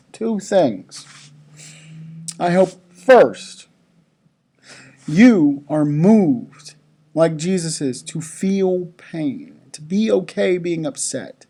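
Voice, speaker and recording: Slow, lively storyteller addressing children. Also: mid-range voice. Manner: storytelling, asks the children questions. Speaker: chapel speaker at a school. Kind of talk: children's chapel talk.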